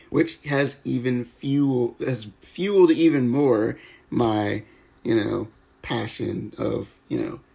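An American man hosting a casual podcast chat. His voice is gravelly and husky. He rambles, restarts his sentences and fills the gaps with "you know". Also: mid-range voice, a little mellow. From United States. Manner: rambling, lots of fillers and restarts. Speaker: podcast host. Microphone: remote video call.

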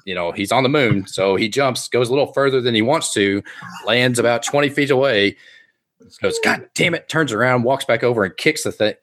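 A man's voice: mid-range voice, fairly bright tone. A man narrating a comedic tabletop game as game master, rambling and amused.

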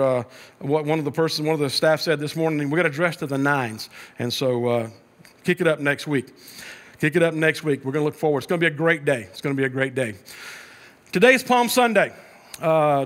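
A man's voice: a little high, fairly bright tone. A man pastor preaching a sermon in a conversational way, with frequent restarts and mounting emphasis as he tells the story.

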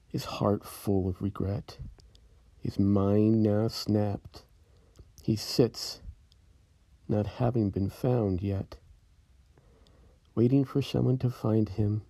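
A man narrating a spooky rhyming story in a slow, brooding, measured way. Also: on the low side, fairly even intonation, vocal fry, warm tone, dry recording.

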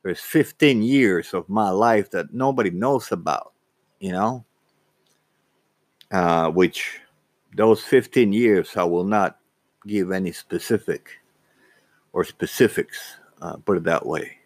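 Slow, halting man telling a story. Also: low voice, no room sound. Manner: halting, frequent restarts and repeated words. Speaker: vlogger. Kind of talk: casual personal storytelling.

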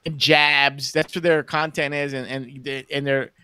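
A man's voice: fairly high pitch, little pitch movement, a little slow, pushed and bright. A man co-hosting a livestream, ranting casually at the chat, stammering and repeating words, with mocking put-on voices. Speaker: livestream co-host.

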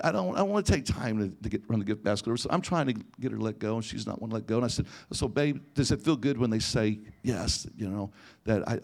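This man's voice is fairly low, gravelly and a little mellow. A pastor, he preaches by recounting personal stories and performing conversations, with frequent restarts.

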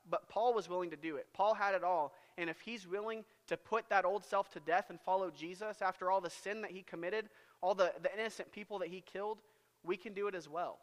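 A man's voice: sits high, a bit bright. Earnest young man preaching in a hall. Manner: earnest, repeats words when starting phrases. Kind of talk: sermon with an invitation. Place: church sanctuary.

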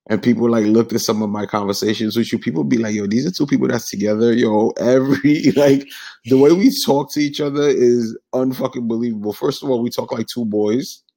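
A man's voice: medium pitch, steady tone, moderate pace, mellow. A young man, co-hosting a casual couple's podcast, slangy and laughing often. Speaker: podcast co-host.

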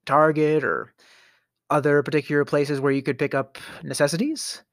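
Man, middle-aged, podcast host, storytelling rant, theatrical, dips into whispers, very lively pitch, dry recording. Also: no room sound. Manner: theatrical, sighs and stammers, drops to whispers.

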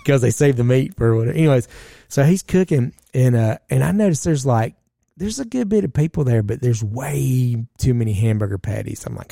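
A man with a gravelly, low-rasped voice spins a long, profane story in casual conversation. His tone is dark and mellow, and the recording is dry and close with no room sound. He talks loosely, with plenty of fillers and side remarks. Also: animated, a little fast, no echo.

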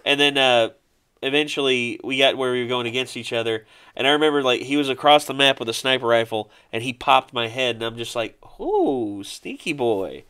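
A man hosting a laid-back podcast, rambling through stories with lots of "like" and "uh". His voice is bright and crisp, smooth and clean. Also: mid-range voice, a little fast. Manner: rambling, animated storytelling with fillers. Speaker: podcast host. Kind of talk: casual chat.

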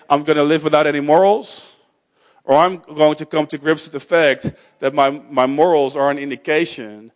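A middle-aged man giving a conversational talk on faith and suffering, with frequent restarts and joking asides. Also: on the high side.

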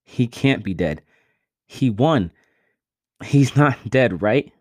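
A man voicing a frantic young boy who pleads and shouts in distress. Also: mid-range voice, animated, takes it slowly, dry recording, clean studio sound, voice pushed up. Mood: desperate.

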